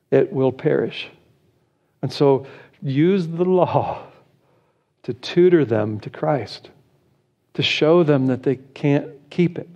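A man's voice: on the high side, a little mellow. A middle-aged American man preaching a sermon as pastor, exhorting his listeners and chuckling between points. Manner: preaching with rising intensity, exhorting.

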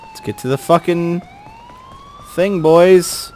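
A man giving gameplay commentary, exasperated and swearing, yelling at the characters on screen. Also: on the high side, fairly even intonation, slow pace, slight background noise. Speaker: let's play host.

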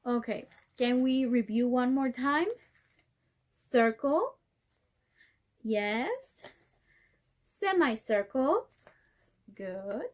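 A woman's voice: a little high, slow, a little mellow. A woman teaching a video class to young children, drawing out key words in a sing-song way for them to repeat. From Chile.

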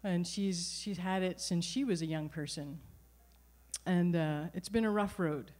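A middle-aged woman telling a personal story at a live storytelling event, conversational and animated, with frequent restarts. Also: on the low side, a little slow. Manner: conversational, animated, self-correcting.

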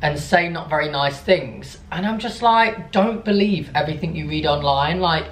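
A young man vlogging in a casual, animated way, telling an upsetting story. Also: fairly high pitch, moderate pace, slight background noise. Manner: animated, upset storytelling, cooing softly to his dog. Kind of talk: casual vlog chat. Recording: echoey room.

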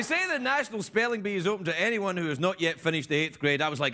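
A man with a Scottish accent delivering a comedy monologue as a late-night talk show host, jokey and animated, often laughing, before a loud studio audience. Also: high-pitched, quick pace, hardly any pauses, background noise. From Scotland. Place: television studio stage. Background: audience laughing and cheering.

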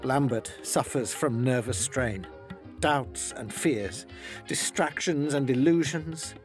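Male narrator, calm matter-of-fact storytelling, music playing behind. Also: mid-range voice, slow. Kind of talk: scripted narration.

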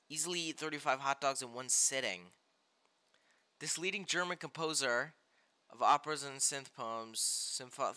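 A young man streaming a game live, reading cards aloud and reacting excitably, often yelping loudly in dismay. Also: medium pitch.

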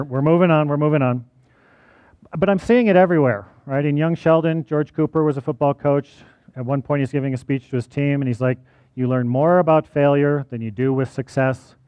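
A man's voice: mid-range voice, no echo, dull audio. A male college teacher giving a personal talk to an audience, conversational and often checking in with "right?".

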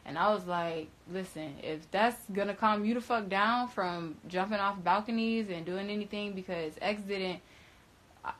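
A young woman telling a story to her viewers in casual, slangy, profane speech, swinging between loud, high outbursts and low, quiet stretches. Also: moderate pace, low-quality recording. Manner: emphatic, slangy and profane, with frequent restarts. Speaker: storyteller recounting events.

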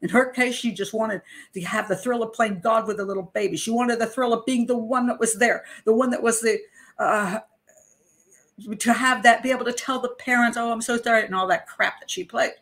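A middle-aged woman, a criminal profiler, tells a personal story in an animated, indignant way with wry laughter. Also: fairly high pitch, normal speed.

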